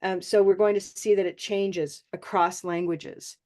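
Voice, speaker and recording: A woman teaching English pronunciation in a class, encouraging and modeling sounds slowly and repeating them. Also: lowish voice, steady tone, warm tone. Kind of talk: online class instruction.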